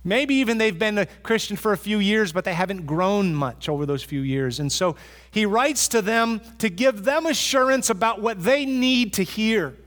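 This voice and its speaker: High-voiced male pastor preaching in a reverberant hall. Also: animated, fairly bright tone. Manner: earnest, repeats for emphasis, with pauses and restarts. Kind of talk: sermon.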